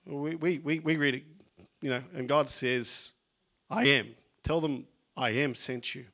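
A man's voice: fairly high pitch, steady tone, unhurried, pushed and bright. A man preaching a conversational sermon, often repeating words and using fillers as he goes.

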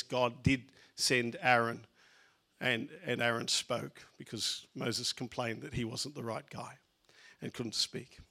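A man's voice: mid-range voice, a bit bright. A man preaching a conversational sermon, often repeating words and using fillers as he goes.

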